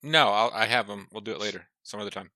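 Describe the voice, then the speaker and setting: A man co-hosting a casual podcast, trading jokes and quick banter. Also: on the low side, bright, forceful tone. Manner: joking banter. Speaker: podcast co-host. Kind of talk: casual chat.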